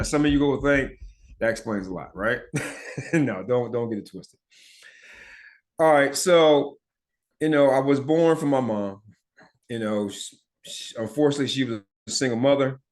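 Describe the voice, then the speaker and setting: A man from Philadelphia talks through his childhood on his own podcast. His voice sits at an ordinary pitch for a man, and he talks bluntly and profanely. He keeps checking in with listeners and now and then stutters or mumbles a word. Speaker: podcast host. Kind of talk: casual personal storytelling.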